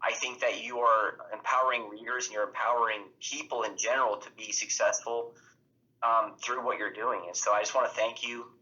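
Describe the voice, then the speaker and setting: Man, earnest guest, heartfelt tribute, sharp bright voice, dull lo-fi audio. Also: mid-range voice, fairly even intonation, brisk. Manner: earnest, repeats phrases. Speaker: podcast guest.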